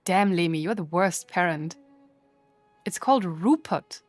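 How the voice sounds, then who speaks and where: A woman's voice: fairly low pitch, animated, unhurried, no echo, soft background music. A woman streamer chatting casually with her live chat while playing, playful and full of mock outrage.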